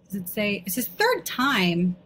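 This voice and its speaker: A woman's voice: mid-range voice, sing-song, unhurried, fairly bright tone, a little hiss or hum. A woman hosting a comedy show, giving a snarky, rambling commentary with frequent stammering restarts. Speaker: host. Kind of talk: mocking commentary on selfies.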